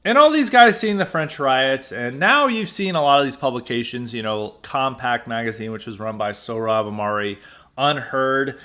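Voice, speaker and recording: An American podcast host with a medium-pitched, pushed, bright voice speaks at a moderate pace. He delivers an emphatic, sarcastic monologue of political commentary, frequently restarting his sentences.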